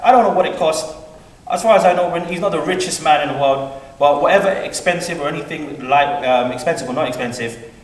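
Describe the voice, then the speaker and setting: A man giving a rambling, heartfelt eulogy for his uncle, heard from a distance at a funeral service. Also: on the high side. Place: large hall at a funeral service. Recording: echoey hall, heard from afar, faint room noise.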